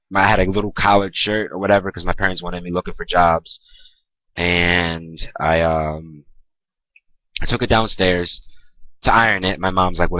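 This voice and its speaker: A young man telling a personal story in a blunt, profane, conversational vlog, acting out what people said. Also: no room sound. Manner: blunt, profane, conversational, acts out quoted lines. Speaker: vlogger. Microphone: camera mic. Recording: dull, muffled low-quality recording.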